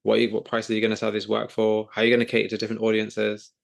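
Brief: male podcast host, quick and gravelly, loose self-correcting chat. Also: fairly low pitch. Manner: rambling, self-correcting, animated. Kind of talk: casual interview chat.

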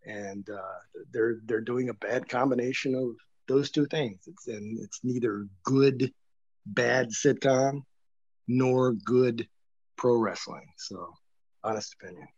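A man's voice: medium pitch, slow, a little mellow, dry recording. Brief: middle-aged man, blunt and wry, self-mocking guest, dry and dull-sounding remote line. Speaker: guest author. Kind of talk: casual interview chat.

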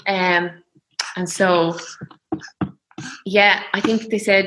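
A young woman telling her birth story in a soft, reflective, emotional way. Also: on the low side, level tone, slow, long pauses, noisy background. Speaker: guest.

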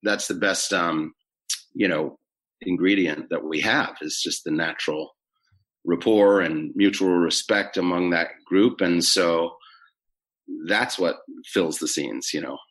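A middle-aged man, an actor, chatting in an interview in a relaxed, rambling way with many fillers. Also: low voice, unhurried. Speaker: actor guest. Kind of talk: casual interview chat.

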